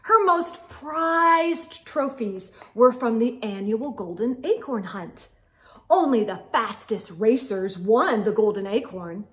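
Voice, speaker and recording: A woman reading a children's picture book aloud with an expressive manner and soft asides. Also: sits high. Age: adult. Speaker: children's storyteller.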